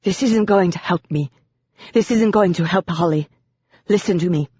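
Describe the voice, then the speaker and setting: Elegant coaxing banshee mother with an odd accent read by the narrator, soft and well-bred, lo-fi. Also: medium pitch, moderate pace, breathy edge, no room sound, lightly acted. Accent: odd unnamed accent. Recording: dull, dry lo-fi audio.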